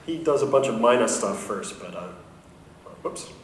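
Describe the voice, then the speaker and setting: A university professor giving a conversational science lecture, explaining with light humor and correcting himself along the way. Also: male voice, mid-range voice, expressive, moderate pace. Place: lecture hall. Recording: echoey hall, mic at a distance, faint noise.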